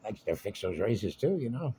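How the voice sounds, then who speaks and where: A man's voice: on the low side, sing-song, normal speed, dark tone, a little hiss or hum. A man telling a casual anecdote in a wry, meandering, conversational way. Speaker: storyteller.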